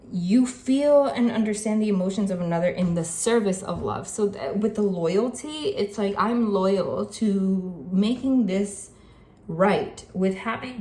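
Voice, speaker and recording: In a casual spiritual reading, this tarot reader speaks earnestly and chattily to viewers, going back over the card meanings and leaning on "like" and "okay". Her voice is medium-pitched with a darkish tone.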